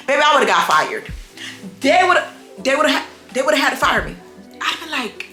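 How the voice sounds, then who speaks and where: A young adult woman chatting casually for her vlog, sassy and playful, with animated storytelling and quick asides. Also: high voice, roomy sound, faint music behind. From United States. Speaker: vlogger. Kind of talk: casual chat. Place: home room with a dog.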